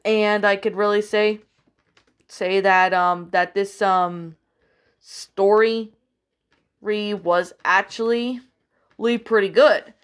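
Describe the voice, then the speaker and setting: A woman's voice: medium pitch, fairly even intonation, takes it slowly, pauses often, clean tone. A woman casually reviewing a story she narrated, rambling with many fillers and restarts, hesitant and apologetic. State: hiccuping.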